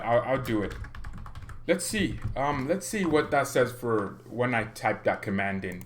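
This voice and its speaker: Animated man chatting on a livestream. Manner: animated, chatty, laughs often, pitch jumps when excited. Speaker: fan channel host on a livestream. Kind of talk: casual livestream chat.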